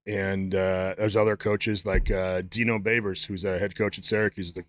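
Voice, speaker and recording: A man's voice: low voice, level tone, normal speed, a bit bright. A man, a strength coach guest on a podcast, telling profane, loose stories about his football coaches. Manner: profane storytelling with acted-out quotes. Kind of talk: casual chat.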